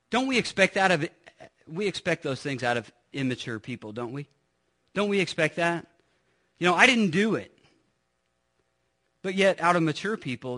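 A man's voice: medium pitch, fairly bright tone. A middle-aged pastor preaching a sermon in a church, talking with his congregation through anecdotes and rhetorical questions. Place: church sanctuary.

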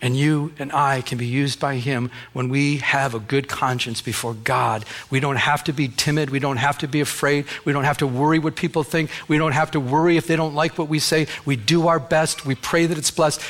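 A man's voice: fairly high pitch, fairly even intonation, moderate pace, few pauses, fairly bright tone. A man preaching a sermon as pastor in a church, emphatic and exhorting.

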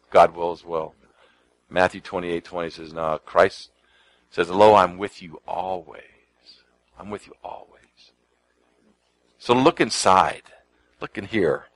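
A man delivers a sermon in a fairly low, unhurried voice. He talks conversationally, repeats himself, and quotes scripture, sometimes softening to a hush and sometimes leaning into words with emphasis. The sound is dry and close, with no room echo. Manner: shifts from soft near-whispers to emphatic lines. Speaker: pastor.

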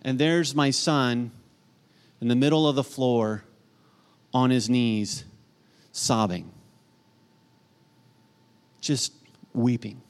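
A middle-aged man preaching a sermon, earnest, swinging from emphatic peaks to soft, hushed storytelling. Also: mid-range voice, steady tone, takes it slowly, pauses often. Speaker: pastor.

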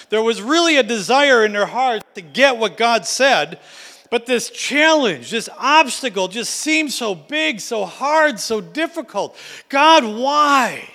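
A high-voiced male preacher delivering a dramatic sermon, swinging from loud to hushed. His voice rings with long reverb through a large hall.

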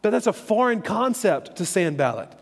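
Male preacher, a bit high-pitched, conversational Bible teaching, long hall reverb. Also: sing-song, normal speed. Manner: conversational, checks in with "okay?" and "all right?".

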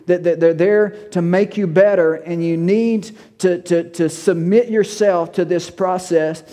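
A man's voice: sits high, warm tone, long reverb tail. A male pastor, preaching a sermon in a folksy, conversational storytelling way.

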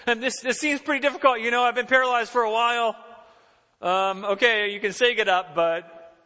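A man's voice: mid-range voice, rapid-fire, slightly rough, big-room sound, close to an everyday voice. A man voicing a paralyzed man who hedges and doubts he can get up. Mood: doubtful. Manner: unsure, hedging.

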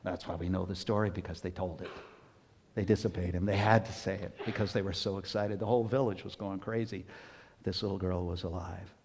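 A male pastor giving a conversational sermon that swings between hushed asides and emphatic bursts. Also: sits low, steady tone, a little fast, long reverb tail, noisy background.

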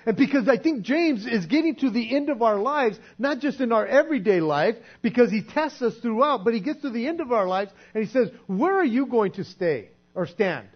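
A man preaching a sermon in a conversational way, sometimes acting out quoted voices and dropping to a soft hush. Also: very high voice, animated, normal speed, few pauses, breathy edge. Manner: conversational, acts out quoted voices, drops to soft hushed tones. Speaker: pastor. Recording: dull lo-fi sound with mains hum.

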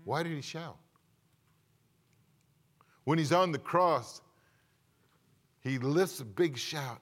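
A middle-aged man preaching a sermon as pastor, moving between loud emphatic points and low confiding asides while putting questions to his congregation. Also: slow pace, pauses often.

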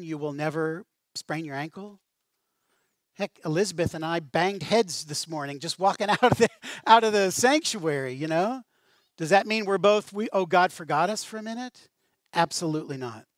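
A man preaching a sermon as pastor, with a conversational, animated style and casual asides. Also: on the high side, normal speed, no room sound.

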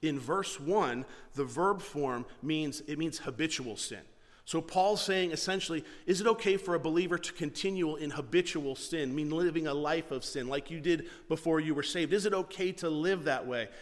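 A man's voice: on the high side, normal speed, in a large hall. A man who is a pastor, preaching a conversational sermon, often restarting and repeating words as he explains.

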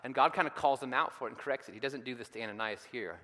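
A man preaching a sermon, retelling scripture dramatically and building to loud, emphatic peaks. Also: medium pitch, rapid-fire, big-room sound. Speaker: pastor.

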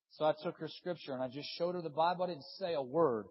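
A man in his thirties preaching a sermon, impassioned, swinging between loud urging and hushed, earnest stretches. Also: a little high, quick pace, hardly any pauses, husky, muffled recording. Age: 30s.

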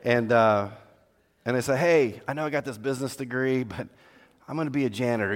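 A middle-aged man preaching an earnest sermon to fathers, swinging between loud emphasis and hushed, tender lines. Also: medium pitch, a little fast. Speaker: pastor. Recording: long hall reverb.

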